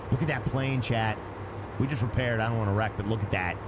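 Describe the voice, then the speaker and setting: A man's voice: on the low side, brisk, heavy background noise. A man streaming a truck driving game, chatting casually with his chat, joking and singing snatches of songs. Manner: animated, joking, breaks into silly snatches of song. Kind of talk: casual gameplay commentary to chat.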